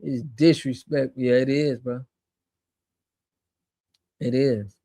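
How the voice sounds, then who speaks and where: Slow and dark-toned, this American man's medium-pitched voice stays fairly even as he hosts a relaxed livestream. Answering chat, he's emphatic and slangy, and he repeats things when he gets excited.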